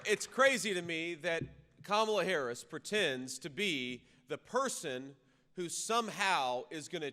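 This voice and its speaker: A man giving a campaign rally speech into a podium microphone, talking conversationally with restarts and repeated words and rising to loud punchy lines. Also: high voice. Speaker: political candidate addressing a rally. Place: large reverberant rally venue. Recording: long reverb of a rally hall, faint ambient noise.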